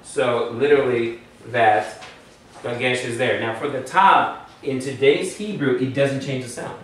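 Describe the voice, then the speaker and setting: A man's voice: mid-range voice, measured pace, a little hiss or hum. A man teaching a Hebrew grammar class, explaining rules step by step and quizzing his students. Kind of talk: classroom lesson. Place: class room. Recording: very echoey room, far from mic.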